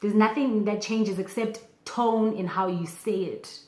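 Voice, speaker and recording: A young woman teaching a casual video language lesson, chatty and animated, with bursts of excitement and many fillers. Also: medium pitch, a little slow, reverberant.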